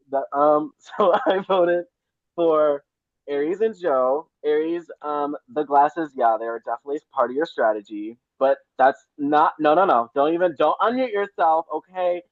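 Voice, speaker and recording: A man's voice: a little high, unhurried, no room sound. Brief: playful, sassy male contestant, tinny dry phone-like sound. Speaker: game contestant. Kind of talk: casual game talk.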